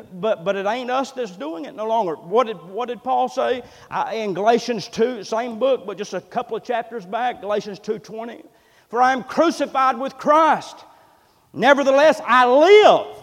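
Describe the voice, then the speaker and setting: A man preaching a sermon in a folksy way, building up to loud, emphatic peaks. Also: very high voice. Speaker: pastor. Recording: long reverb in a church hall.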